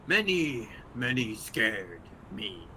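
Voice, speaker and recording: A man's voice: medium pitch, sing-song, slow pace, sharp tone, slight background noise, heavily acted, low-quality recording. A man voicing a small, timid gnome-like creature that talks in broken, childlike phrases. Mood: eager.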